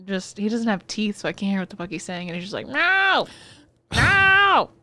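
A woman co-hosting a podcast, telling a work story in casual chat, animated and profane. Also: medium pitch, quick pace, dry recording. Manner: animated, profane, acts out quoted voices. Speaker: podcast co-host, therapist.

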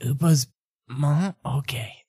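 A man doing a clueless, gravelly goofball sidekick. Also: medium pitch, slow pace, mellow, no room sound, clean studio sound, exaggerated voice. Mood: naive. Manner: naive, questioning. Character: clueless goofy male companion who eats junk.

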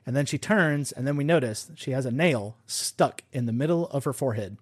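Laid-back chuckling dad, dry sound. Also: male voice, mid-range voice, fairly quick, slightly rough, no room sound. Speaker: adoptive father of two. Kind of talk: casual podcast chat.

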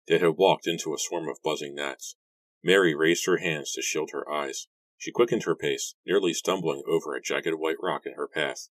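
A man reading a novel aloud as an audiobook narrator, calm and measured. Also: rumbling low, no echo. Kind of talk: scripted narration.

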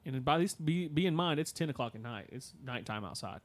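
Halting man telling a story on a podcast. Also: mid-range voice, animated. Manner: halting, many fillers and restarts. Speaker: podcast host. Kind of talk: casual storytelling.

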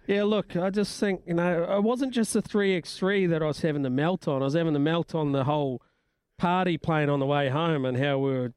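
A man with a New Zealand accent co-hosting sports radio, animated and blokey when giving his opinions. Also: fairly high pitch, brisk, smooth, no room sound. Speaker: radio co-host, former rugby referee. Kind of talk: casual sports radio chat. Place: radio studio. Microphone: studio mic.

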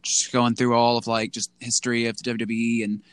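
A man's voice: medium pitch, level tone, fairly quick, fairly bright tone, dry recording. Rambling man on a podcast. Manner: rambling, full of "like" and restarts, acts out quotes in a goofy voice. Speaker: podcast co-host. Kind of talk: casual chat.

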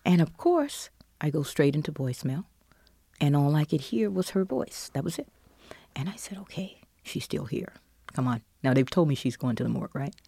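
Middle-aged woman guest, low mellow voice, goes from loud to whispery, dry sound. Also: very animated, fairly quick, creaky, breathy edge, no echo. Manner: intense, swings between loud outbursts and hushed whispers. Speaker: interview guest, bereaved mother. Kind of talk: emotional personal testimony.

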